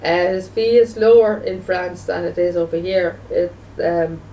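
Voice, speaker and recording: Gravelly woman, rambling. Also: on the low side, measured pace, dark tone. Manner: rambling, repeats herself, many restarts. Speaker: vlogger. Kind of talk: casual home video talk. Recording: distant mic with faint background noise.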